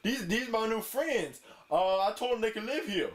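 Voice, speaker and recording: A man's voice: high voice, expressive, normal speed. A man voicing a carefree, slangy male dinosaur in a puppet comedy skit, drawling and laid-back. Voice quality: drawling, says "folks" a lot.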